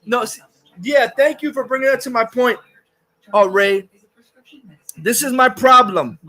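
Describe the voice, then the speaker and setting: A man's voice: very high voice, a little slow, sharp tone. A man hosting a livestream, ranting angrily and profanely and reading chat comments aloud. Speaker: livestream host. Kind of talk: angry livestream rant.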